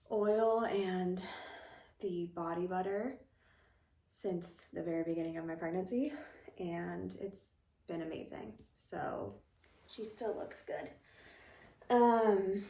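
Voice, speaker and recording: Gravelly, breathless woman chatting at home. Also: medium pitch, warm tone, roomy sound. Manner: chatty, rambling, many fillers. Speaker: vlogger. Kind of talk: casual pregnancy vlog chat. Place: room at home.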